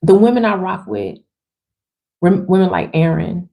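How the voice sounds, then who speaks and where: Speaking on a livestream, a motivational speaker gives her women viewers a casual, emphatic pep talk in slangy, chatty language, fired up and swearing casually. Her voice sits on the low side and is gravelly, with a measured pace, and the audio is dull.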